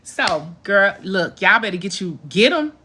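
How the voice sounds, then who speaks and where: A woman's voice: mid-range voice, unhurried, slight background noise. Chatty woman hosting a hair tutorial. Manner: chatty and animated, calls viewers "girl" and "y'all". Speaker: hair tutorial host selling a ponytail. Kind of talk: casual live-stream tutorial and product pitch.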